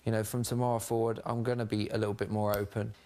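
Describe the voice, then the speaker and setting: A man's voice: on the low side, little pitch movement, fast, mellow. A man housemate confiding in a casual chat, earnest and self-explaining, often restarting his sentences. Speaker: reality show housemate.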